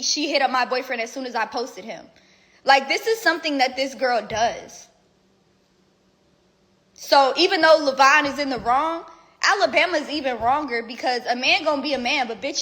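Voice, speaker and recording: High-voiced young woman telling a blunt story. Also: moderate pace, fairly bright tone, poor audio. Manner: blunt, rambling, lots of swearing and fillers. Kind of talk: casual storytelling recap.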